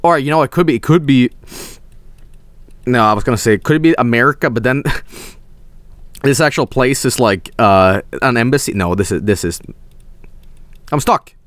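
A young man with a Swedish accent streaming a geography guessing game, thinking aloud, swearing and breaking into excited yelps. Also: medium pitch, normal speed, long pauses, no echo. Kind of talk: casual gameplay commentary.

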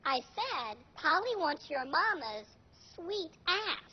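Foul-mouthed cocky parrot, very high. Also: male voice, big pitch swings, takes it slowly, muffled recording, heavily acted. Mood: taunting. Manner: taunting, vulgar, boastful.

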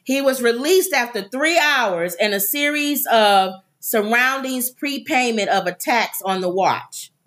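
A woman with a somewhat high voice reads celebrity news on a casual chat show. She breaks off to joke and banter with her co-host. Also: a bit bright. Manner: reads stories then jokes and does impressions.

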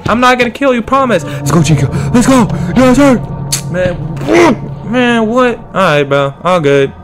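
A young man doing let's-play commentary, excitable and slangy, yelling orders and trash-talking game characters. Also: sits high, measured pace. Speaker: gaming streamer.

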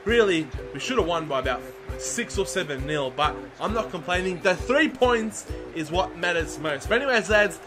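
A young man giving excited, chatty commentary over his own football video game match, shouting at the big moments. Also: high-pitched, moderate pace, music in the background. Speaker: gaming YouTuber. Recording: audible background noise.

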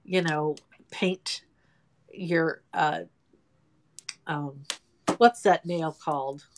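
A woman's voice: low-pitched, steady tone, extremely slow, slight background noise. A woman in her sixties, a guest chatting casually and self-deprecatingly about her work as a home nail technician. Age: 60s. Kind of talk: casual interview chat.

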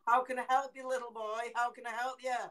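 A man's voice: very high-pitched, level tone, fast talker, pushed and bright, pitched above the performer's own voice. A man doing a flustered, fretting bloke. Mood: alarmed. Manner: worried, exclaiming. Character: flustered middle-aged man, anxious helper.

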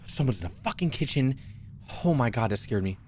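A man's voice: medium pitch, animated, a little fast, darkish tone, a little hiss or hum. A young man streaming a horror game, jumpy and swearing a lot as he talks to his chat and to himself. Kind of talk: live horror gameplay commentary.

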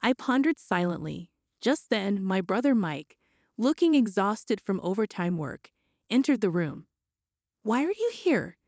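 A woman giving expressive first-person scripted story narration, her pitch jumping up on questions. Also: measured pace, no room sound, clean studio sound.

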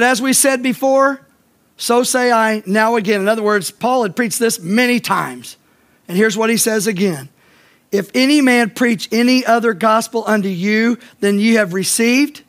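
A man's voice: very high voice, fairly bright tone. A man pastor preaching a sermon to his congregation, stressing points by repeating them and asking the listeners direct questions. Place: church.

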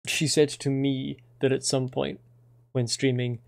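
Young guy streaming, kinda gravelly, laid back, just explaining stuff to chat. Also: medium pitch, measured pace. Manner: relaxed, explaining things to chat.

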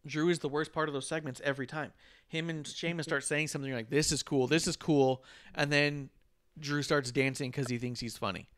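A man's voice: fairly high pitch, fairly even intonation, brisk, few pauses, a bit bright, clean tone, dry recording, studio quality. A man co-hosting a podcast, rambling in casual chat, swearing freely and chuckling. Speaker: podcast co-host.

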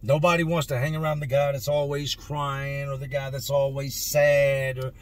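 A man's voice: medium pitch, flat delivery, normal speed, few pauses. A man in his thirties, a vlogger, telling his own story to camera in an earnest, emotional way, stretching words for emphasis.

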